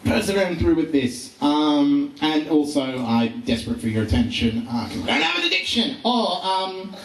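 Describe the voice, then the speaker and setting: Rambling young comedian on stage. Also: male voice, a little high, expressive, moderate pace, a little hiss or hum. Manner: rambling, self-deprecating, with many fillers and restarts. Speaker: stand-up comedian. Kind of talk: live stand-up set. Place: live comedy venue. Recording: roomy live venue recording from far off.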